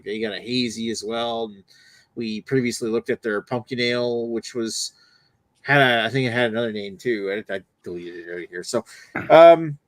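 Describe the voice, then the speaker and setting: A man's voice: mid-range voice, dry recording. A man hosting a casual beer review livestream, rambling with lots of fillers and restarts. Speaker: host.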